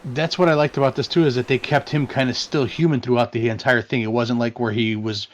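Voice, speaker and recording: A man's voice: medium pitch, fairly even intonation, brisk. An easygoing man chatting about movies on a podcast, agreeing often and restarting his sentences. His mic sounds dull and lo-fi, with a faint hiss behind him. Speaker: podcast co-host. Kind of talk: casual movie review chat.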